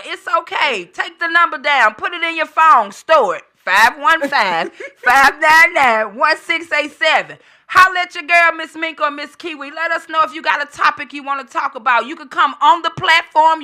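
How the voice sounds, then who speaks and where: A woman's voice: sits high, normal speed, few pauses, sharp tone. A woman co-hosting a live call-in show in casual chat, playful and teasing, laughing often. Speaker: co-host.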